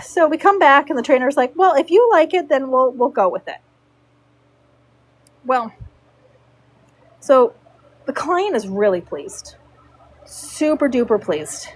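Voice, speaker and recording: A woman's voice: on the high side, rough recording. A middle-aged woman telling a story in a casual chat, a horse show groom who acts out the people she quotes. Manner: chatty, acts out quoted voices.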